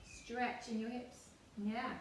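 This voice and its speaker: A woman in her thirties teaching yoga to children, giving gentle, playful, encouraging instructions. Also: fairly high pitch, flat delivery, slow. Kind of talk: guiding a kids' yoga class. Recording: echoey room, distant mic, faint noise.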